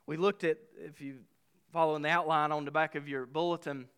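A pastor delivers a sermon in a smooth, resonant voice that sits a little high for a man. He preaches emphatically, pressing hard on key phrases and slowing down to let weighty lines land. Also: level tone, a bit bright.

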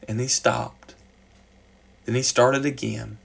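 A man preaching a sermon, reading a story aloud with rising passion and then dropping to soft, slow appeals. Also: medium pitch, fairly even intonation, vocal fry, husky.

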